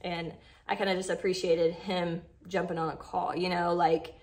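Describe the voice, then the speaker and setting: A woman's voice: lowish voice, level tone, moderate pace, a little mellow. A woman chatting heartfelt to her followers in a casual vlog, full of "like" and "you know". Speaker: vlogger.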